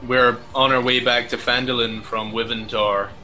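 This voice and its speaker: A man's voice: medium pitch, little pitch movement, normal speed, sharp tone, soft background music, rough recording. A man playing a tabletop game, speaking in character in a polite, plain way. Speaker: player. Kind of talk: in-character tabletop role-play.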